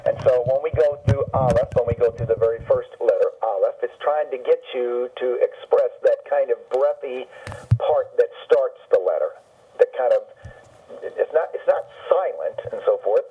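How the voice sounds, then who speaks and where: A man on a radio phone-in patiently explaining the Hebrew alphabet, slowly repeating and spelling out each letter. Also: medium pitch, husky. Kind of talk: patient spoken lesson on a radio call. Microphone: telephone. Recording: dull lo-fi phone line with faint music.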